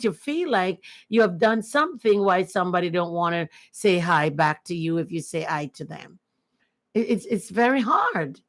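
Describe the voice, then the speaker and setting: A woman chatting casually and earnestly on her first livestream, repeating herself often. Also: fairly low pitch. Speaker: livestream host.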